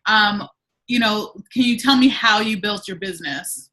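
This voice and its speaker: Bright-voiced woman hosting an interview. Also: medium pitch, normal speed, rough recording. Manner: chatty, lots of ums and restarts. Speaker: host interviewer. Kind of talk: casual interview.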